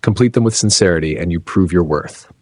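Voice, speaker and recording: A patient, wise wife speaks in measured, firm sentences, voiced by a man. The voice sits very low with a husky grain, and the recording is close and dry. It suits a narrated story. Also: a little mellow, no room sound.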